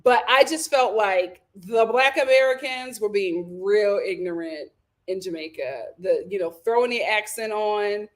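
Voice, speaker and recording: A young woman hosting a casual live review chat, animated and laughing, acting out quotes. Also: medium pitch, unhurried. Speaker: host of a reality TV review show.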